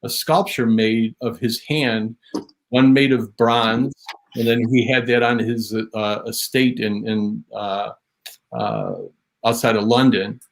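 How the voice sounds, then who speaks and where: Animated storytelling man. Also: medium pitch. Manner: animated storytelling, voice rises on quotes. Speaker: guest, drum memorabilia historian. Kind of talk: interview anecdote.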